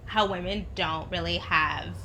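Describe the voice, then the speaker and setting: Bright-voiced woman guest on a podcast. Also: fairly low pitch, a little slow, creaky, a little hiss or hum. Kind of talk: casual podcast conversation.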